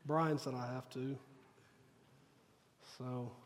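A man's voice: medium pitch, steady tone, takes it slowly, long reverb tail, slight background noise. A man preaching a sermon, telling a personal story earnestly and acting out the dialogue. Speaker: pastor. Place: church sanctuary.

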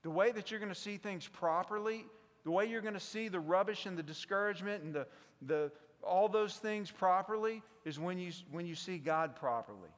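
A man with a South Mississippi accent preaching a sermon, swinging between loud passion and hushed intensity. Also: high voice, moderate pace, big-room sound. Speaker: pastor.

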